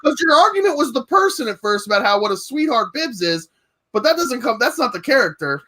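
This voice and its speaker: A man's voice: very high-pitched, big pitch swings, brisk, sharp tone. A man competing in a comedic podcast debate, arguing in a playful, hyped-up way.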